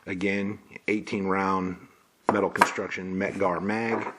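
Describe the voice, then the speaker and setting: Low-voiced man unboxing a pistol. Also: little pitch movement, measured pace, very noisy. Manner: plain, matter-of-fact listing of parts. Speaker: gun reviewer. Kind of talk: casual unboxing walkthrough.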